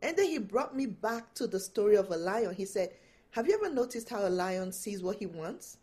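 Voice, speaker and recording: Animated woman telling a story. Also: mid-range voice, moderate pace. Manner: animated storytelling, laughs often. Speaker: guest, empowerment coach. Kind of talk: storytelling in an interview.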